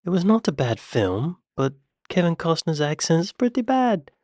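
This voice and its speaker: American dude reacting to clips, chatty and self-deprecating, dry close-mic sound. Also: male voice, a little high, very animated, normal speed, a little mellow, no room sound. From United States. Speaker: YouTube reaction host. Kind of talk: casual reaction commentary.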